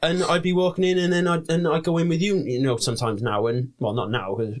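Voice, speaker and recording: A man's voice: on the high side, level tone, quick pace. A young man from Wales co-hosting a podcast, chatting casually, swearing freely and restarting his sentences often. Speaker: podcast co-host. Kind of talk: casual chat.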